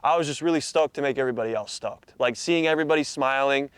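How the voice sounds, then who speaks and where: A man's voice: medium pitch, quick pace, clear, resonant tone, no echo. A young man from Hawaii, a surfer telling a story in a casual interview with laid-back slang and a lot of swearing.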